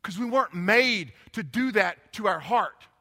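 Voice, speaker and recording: Preaching from a church pulpit, a pastor with a high, pushed, bright voice takes his time, his intonation lively as he wanders through humorous, offhand anecdotes. The recording, made on a handheld or stand microphone, carries the reverb of the church hall.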